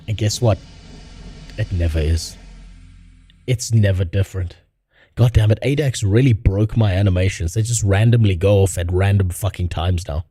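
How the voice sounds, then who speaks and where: A man riffs casually on a livestream, sarcastic and quick to swear. His voice is dark and mellow, and it is recorded close with no room sound. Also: low-pitched, slightly rough, no room sound. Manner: blunt, profane and sarcastic. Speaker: streamer reacting to videos. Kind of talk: casual livestream reaction chat.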